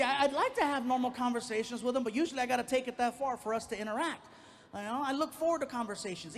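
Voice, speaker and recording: A man doing stand-up comedy on a live stage, telling a story and acting out his son in voices. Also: sits high. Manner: animated, acts out his teenage son in voices. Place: live stage before an audience.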